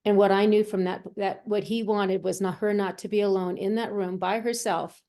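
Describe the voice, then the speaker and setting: Brief: warm, mellow woman; medium and guest, vivid storyteller who acts out quoted voices. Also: medium pitch, steady tone, moderate pace. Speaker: medium and healer, interview guest. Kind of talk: conversational storytelling.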